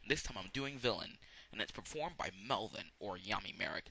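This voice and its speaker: A man reviewing a song in a casual, rambling way, often pausing to search for words. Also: on the low side, expressive, gravelly, sharp tone, a little hiss or hum.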